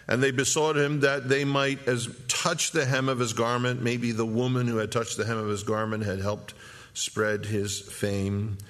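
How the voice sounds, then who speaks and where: A middle-aged male pastor teaching a Bible chapter, reading the verses slowly and then breaking in with quick, joking asides. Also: medium pitch, little pitch movement, a bit bright.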